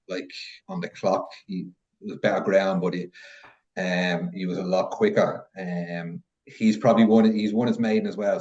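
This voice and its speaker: Low-voiced man with muffled sound. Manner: relaxed, hesitant, lots of ums. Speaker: podcast panelist, French racing pundit. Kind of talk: casual betting chat. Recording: slightly dull, muffled sound.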